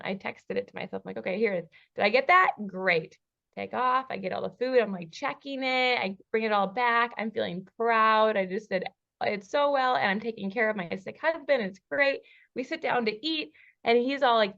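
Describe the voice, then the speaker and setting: Animated woman telling a relationship story. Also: on the high side, creaky, lo-fi sound. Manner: animated storyteller acting out dialogue with laughs. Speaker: relationship coach. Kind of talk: storytelling in a podcast interview. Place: lives in Bali.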